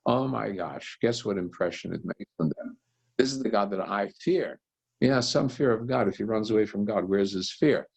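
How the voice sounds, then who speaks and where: Gravelly rabbi teaching a text study. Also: male voice, lowish voice, moderate pace. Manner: animated storyteller, acts out the characters' lines.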